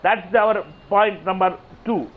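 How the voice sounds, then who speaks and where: A man with an Indian English accent pushes his point on a political debate panel, repeating words and talking over the other guests. His voice sits high. It reaches us through a narrow, phone-like remote link. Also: slow. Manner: insistent, repeats himself, talks over others. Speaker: member of parliament, panelist. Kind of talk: heated televised political debate.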